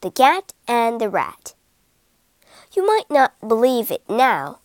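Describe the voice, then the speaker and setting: A woman reads a children's story in a high, lively voice that rises and falls a great deal. She takes her time over each line, and the close, dry sound leaves no trace of the room. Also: no room sound. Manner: slow, expressive reading. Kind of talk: scripted children's story narration.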